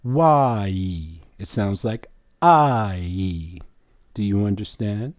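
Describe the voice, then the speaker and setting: Slow, deep-toned man teaching with emphasis. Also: expressive, dry recording, clean studio sound. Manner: slow, emphatic, questioning the listener. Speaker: religious teacher. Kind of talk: didactic religious teaching.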